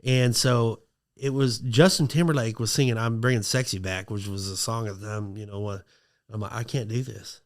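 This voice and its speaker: A man telling a long story on a podcast in a casual, lively way, acting out quotes in a high excited voice. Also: normal speed. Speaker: podcast guest.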